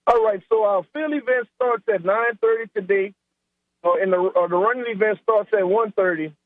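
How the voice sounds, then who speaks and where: A man with a South Louisiana accent, a head track coach, talking in a relaxed, rambling way and repeating words in a phone-in interview. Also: high voice, moderate pace, dry recording. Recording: tinny phone line.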